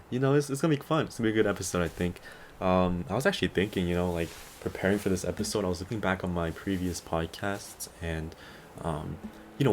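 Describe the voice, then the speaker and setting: Young male podcast host, very low voice, loose and rambling, slightly tired, faint background noise. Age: 20s. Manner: rambling and easygoing, with many fillers and chuckles. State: a little tired. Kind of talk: casual solo podcast chat.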